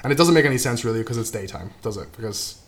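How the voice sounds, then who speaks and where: Co-host, man, mid-pitch voice, loose plot recap in casual chat. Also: animated, racing. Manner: loose plot recap, trailing off quietly, frequent "right?" and swearing. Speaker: podcast co-host recapping a film.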